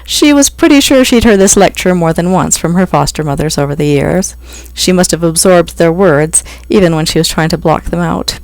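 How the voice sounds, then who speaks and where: An author reads a passage of a novel aloud at a steady, even pace. The voice has a gravelly texture, and the sound is dry and close with no room echo. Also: mid-range voice, normal speed, hardly any pauses. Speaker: author reading own book. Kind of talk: audiobook reading.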